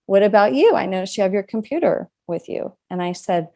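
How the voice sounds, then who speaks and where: A woman's voice: mid-range voice, animated, brisk, darkish tone. A middle-aged woman, an author guest in an interview, telling a personal story in an earnest, reflective way. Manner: earnest, reflective, acts out quoted dialogue.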